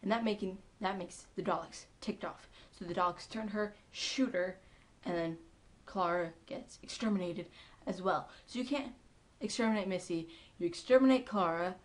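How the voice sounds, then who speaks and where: A woman giving a casual, excitable recap of a TV episode, chatty and full of ums and likes. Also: medium pitch, moderate pace, hardly any pauses. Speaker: TV episode reviewer.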